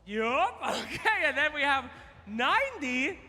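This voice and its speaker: A man hosting a live trivia contest on stage at an esports event, energetic and teasing, calling out to the crowd. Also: very high voice, takes it slowly, faint music behind. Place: large event hall on stage. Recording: long reverb of a big hall.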